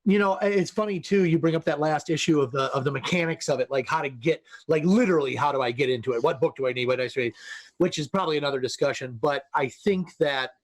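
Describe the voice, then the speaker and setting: Male podcast host, a little high-pitched, easygoing chat with quick affirmations. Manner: quick agreeing interjections, thinking aloud.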